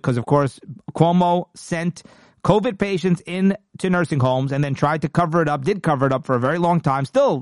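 A man's voice: on the high side, no room sound, studio quality. A man hosting a political commentary show, talking emphatically and indignantly and often restarting his sentences.

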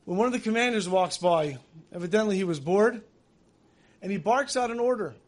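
A man with a high voice preaches in a vivid storytelling way. He recounts dramatic events with feeling and slips into the voices he quotes. His delivery swings from loud emphasis to hushed moments. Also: lively intonation, brisk.

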